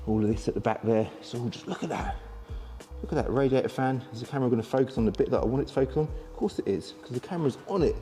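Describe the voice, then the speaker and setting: A man, a car dealer chatting excitedly to camera in a casual walkaround vlog. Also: medium pitch, big-room sound.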